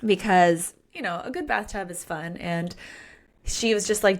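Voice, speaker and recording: A woman with a somewhat low voice and a moderate pace co-hosts a laid-back podcast book chat. She talks about a romance novel candidly and energetically, acting out its lines.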